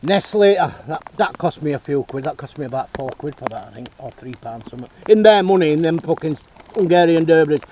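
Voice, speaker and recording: A man rambles bluntly and swears freely as he drives, turning now and then to talk to his dogs. His voice sits fairly high and swings all over the place. The audio is slightly muffled, with faint road noise underneath. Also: expressive, brisk, a little mellow. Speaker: vlogger. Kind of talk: casual chat while driving. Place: inside a car on the road.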